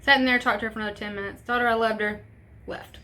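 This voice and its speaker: A woman's voice: a little high, fairly even intonation, racing, sharp tone. Young woman telling a sad story, swearing. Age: young adult. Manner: casual, profane, emotional retelling. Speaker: vlogger. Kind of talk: storytime vlog.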